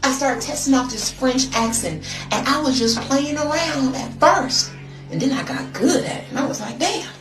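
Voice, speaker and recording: American woman, gossipy storyteller, echoey room, loud music under her. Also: high-pitched, expressive, normal speed. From United States. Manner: slangy, dramatic, gossipy. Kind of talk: casual storytelling on social media.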